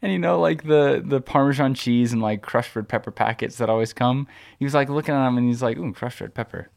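A man's voice: mid-range voice, fairly quick, gravelly, a little mellow. Man, podcast co-host, casual storytelling, rambling, lots of restarts, mid-range voice. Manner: rambling, restarts often, many "like" fillers.

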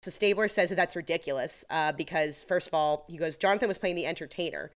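Woman co-host, somewhat low pitch, loose filler-heavy recap chat. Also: fast. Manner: chatty, filler-heavy retelling with laughs. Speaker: podcast co-host.

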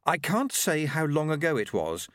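A man's voice: a little high, sing-song, moderate pace, no echo, clean studio sound, pitched above the performer's own voice. A man voicing a blunt, stubborn old village witch and midwife with folksy, rustic speech. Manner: folksy rustic grammar, sharp and feisty.

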